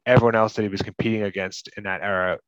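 Man from Massachusetts, podcast co-host, low-ish voice, chatty and filler-heavy, slightly muffled dry recording. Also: steady tone, very fast, dry recording. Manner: rambling, lots of fillers like "like" and "you know". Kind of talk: casual movie podcast chat.

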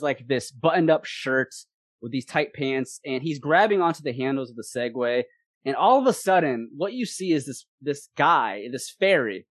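A man narrating a tabletop game as game master in an animated way. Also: a little high, no echo. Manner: animated, laughing often.

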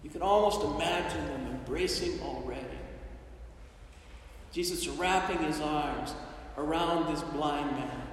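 A man's voice: a little high, unhurried, slight background noise. A man preaching a sermon as a priest, acting out pleas in the first person with dramatic feeling. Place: large church. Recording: distant mic, echoey church hall.

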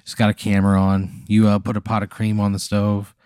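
A man's voice: lowish voice, monotone, a little fast, warm tone, smooth, no echo, studio quality. A man hosting a podcast, spinning a laid-back, profane improvised story in the second person. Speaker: podcast host.

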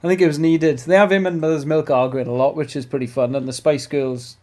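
Animated chatty man. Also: fairly high pitch, quick pace. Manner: animated, swearing, trailing restarts. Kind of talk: casual chat.

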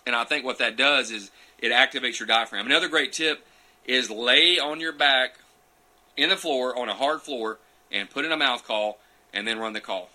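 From a futon couch in a small room, a man hosts a casual live Q and A, folksily chatting and greeting viewers by name as he answers their questions. His mid-range voice is bright and forceful, moving at a moderate pace.

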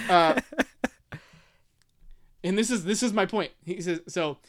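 Casual male co-host, bright and crisp, halting delivery with lots of fillers. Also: high voice. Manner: hesitant, many restarts and fillers, reads passages aloud. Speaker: podcast co-host discussing a book. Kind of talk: casual chat.

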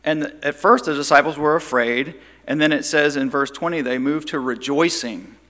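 A man's voice: on the high side, moderate pace, fairly bright tone, in a large hall. A man teaching a Bible study, telling the story and briefly acting out the quoted lines.

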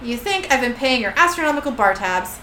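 A sardonic demon king, a mocking and self-satisfied man, read out by a woman. The voice is fairly high and swings widely in pitch. It is recorded in an echoey room with faint ambience. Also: lively intonation, brisk, bright, forceful tone, slight background noise.

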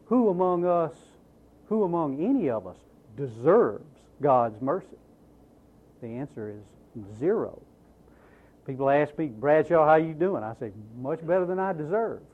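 Animated male preacher, tinny phone-like sound. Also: fairly high pitch. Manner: animated, emphatic preaching with rhetorical questions. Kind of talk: sermon.

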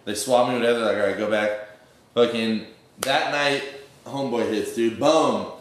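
A man's voice: medium pitch, normal speed, a little hiss or hum. A young man telling a rambling, profane story in slang, full of fillers. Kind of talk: casual storytelling. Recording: very echoey room.

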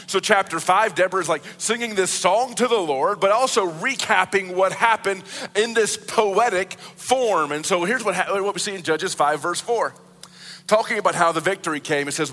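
A man's voice: high voice, moderate pace, pushed and bright, big-room sound. A man preaching a sermon as pastor, earnest, often restarting and repeating words as he explains.

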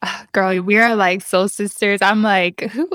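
A woman from California hosts a relaxed interview with upbeat, slangy warmth toward her guest. Her voice is smooth and clear at a medium pitch, and the sound is dry with no room echo. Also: a little slow. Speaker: podcast host. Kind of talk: casual conversational interview.

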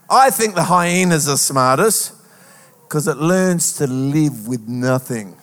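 A man preaching a lively sermon as a pastor, with a sing-song rhetorical delivery. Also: a little high, takes it slowly. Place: church auditorium. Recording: long hall reverb.

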